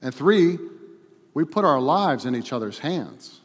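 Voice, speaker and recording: A man preaching a sermon as pastor, swinging between loud emphatic passages and quiet, hushed ones. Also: on the high side, big pitch swings, a little slow, breathy edge. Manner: builds to loud emphatic preaching, then drops to a hushed prayer. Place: church hall. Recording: long hall reverb.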